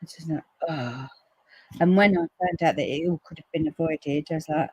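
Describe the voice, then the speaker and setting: A woman hosting a live crafting stream, chatting casually and acting out quotes in a lively way. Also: moderate pace, slightly rough, rough recording. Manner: chatty storyteller, acts out quotes with big pitch jumps. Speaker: crafting livestream host. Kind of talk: casual chat to live viewers.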